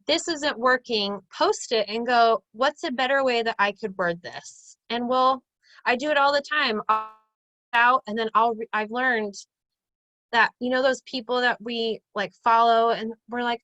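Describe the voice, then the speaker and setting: A woman's voice: fairly high pitch, unhurried, pushed and bright, no echo, low-quality recording. Upbeat chatty woman hosting a chat. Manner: chatty and upbeat, acts out quoted lines. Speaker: group chat host. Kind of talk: casual motivational group video chat.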